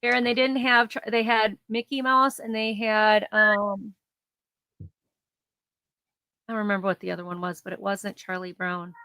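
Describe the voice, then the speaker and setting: A woman's voice: mid-range voice, level tone, normal speed, long pauses, pushed and bright, smooth, no room sound, rough recording. A chatty woman running a casual live sale from home, describing items and laughing easily. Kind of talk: casual live auction chat. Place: home, near her garage.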